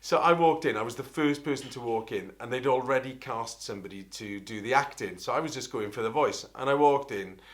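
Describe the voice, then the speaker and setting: A middle-aged Welsh man, an opera singer, telling an animated, rambling story and often interrupting himself. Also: medium pitch, brisk, few pauses. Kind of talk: anecdotal storytelling.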